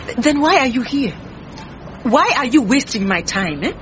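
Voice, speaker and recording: An actress playing an indignant, defensive head cook in a radio drama. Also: female voice, sits high, very animated, moderate pace, fairly bright tone, highs cut off, a little hiss or hum. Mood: brusque. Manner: brusque, indignant.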